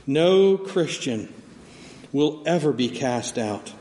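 Male pastor, sermon. Dynamic, unhurried, echoing sanctuary. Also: a little high, animated, a little hiss or hum. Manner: dynamic preaching, swinging from soft to loud emphasis. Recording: long hall reverb, faint ambience.

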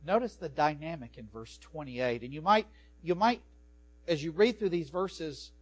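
High-voiced man preaching a lively sermon. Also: normal speed. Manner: animated preaching, swings from soft to loud. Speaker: pastor and professor.

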